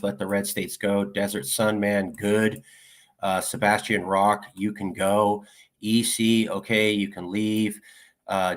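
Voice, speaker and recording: A man's voice: fairly low pitch, a bit bright. A man giving casual political commentary, reading viewer comments aloud one after another. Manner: reads viewer comments aloud in quick succession.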